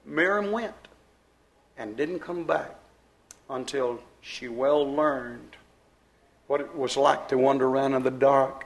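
A man preaching a sermon, telling stories in a folksy, emphatic way and dropping his voice low for effect. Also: vocal fry, poor audio. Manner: emphatic, folksy preaching with dramatic drops in volume. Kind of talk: fervent storytelling sermon.

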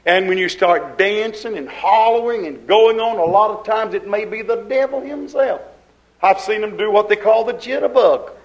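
High-pitched preacher guy, fervent sermon, folksy talk, lots of rhetorical questions, goes loud then hushed. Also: moderate pace, poor audio. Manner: folksy grammar. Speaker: pastor.

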